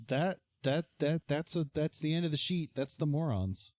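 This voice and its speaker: A man's voice: a little high, animated, normal speed, darkish tone, dry recording. A man co-hosting a podcast in casual chat, playful, often restarting his sentences. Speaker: podcast co-host.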